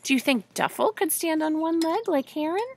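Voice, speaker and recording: A woman reading a picture book aloud to children, gently asking them questions along the way. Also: high-pitched, lively intonation, normal speed, gravelly, noisy background.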